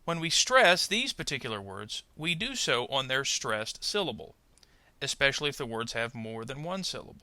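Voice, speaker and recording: A man teaching pronunciation in a scripted lesson, his voice very bright and a little gravelly. He lays out each point slowly and clearly, and the pitch rises and falls widely as he leans on the stressed words. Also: big pitch swings, no echo. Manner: slow, deliberate, over-articulated model sentences for learners to repeat. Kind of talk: scripted instructional narration.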